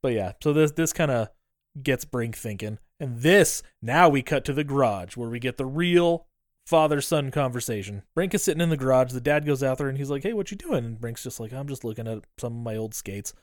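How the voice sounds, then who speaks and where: A man's voice: medium pitch, brisk, no echo, clean studio sound. A man co-hosting a podcast, casually recapping a movie scene by scene, acting out the characters' lines, laughing and swearing as he goes. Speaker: podcast co-host.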